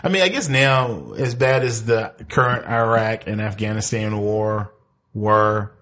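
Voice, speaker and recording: A man's voice: fairly low pitch, measured pace, a bit bright. A man co-hosting a comic book podcast in casual chat, rambling and swearing loosely between laughs. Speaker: podcast co-host.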